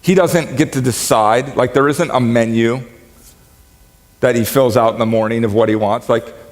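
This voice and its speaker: Joking pastor in a reverberant hall. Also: male voice, mid-range voice, moderate pace. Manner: conversational, joking, animated when quoting. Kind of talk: sermon. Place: church sanctuary.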